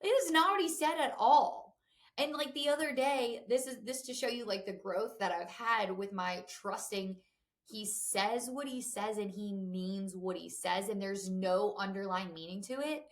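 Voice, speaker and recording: A woman's voice: medium pitch, measured pace. Young woman podcast host, lilt, candid and chatty, mid-range voice. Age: 20s. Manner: chatty and candid, lots of fillers and asides to listeners. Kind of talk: casual chat.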